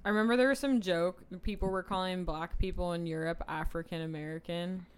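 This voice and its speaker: A young woman co-hosting a podcast in relaxed, candid casual chat with a joking edge. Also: fairly low pitch, a little fast, clear, resonant tone. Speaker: podcast co-host.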